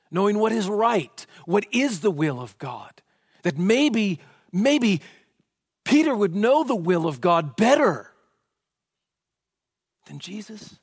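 A pastor preaching a sermon, asking rhetorical questions and swinging from loud emphasis to hushed tones. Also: male voice, high-pitched, slightly rough, no echo, clean studio sound.

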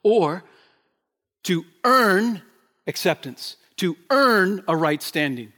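A pastor preaching a sermon in a fairly high male voice. He drives his points home by repeating phrases, moving between loud emphasis and quiet, hushed lines. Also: lively intonation, slow pace.

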